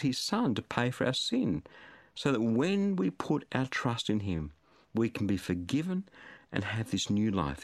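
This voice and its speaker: Male preacher, lively rising and falling delivery, dry close sound, earnest and pleading. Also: mid-range voice, dry recording. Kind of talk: sermon.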